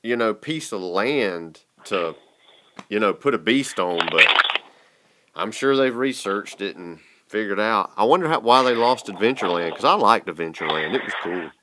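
A man, hosting a relaxed, folksy chat. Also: lowish voice, normal speed, noisy background. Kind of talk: casual chat.

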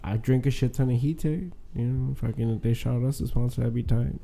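A man with a mellow, warm tone chatting loosely with his buddies. His talk is slangy and full of swearing, and he tells stories in a rambling way. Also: medium pitch, level tone, fairly quick, creaky. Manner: slangy, profane, rambling storyteller. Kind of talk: casual crude chat among friends.

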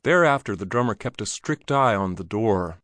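A man narrating a classic short story in a low, measured voice. His pacing is descriptive and steady. The recording is dry, with no room sound. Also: dry recording. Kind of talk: audiobook narration.

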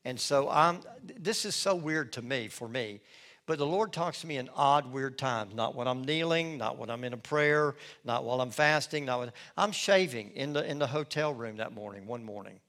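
A middle-aged man preaches from the pulpit, sharing his own testimony. He speaks in a folksy storytelling manner and pokes fun at himself. His voice sits at an ordinary pitch for a man. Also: moderate pace, a bit bright. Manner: folksy storytelling with self-deprecating humor. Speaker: lead pastor. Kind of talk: sermon with personal testimony.

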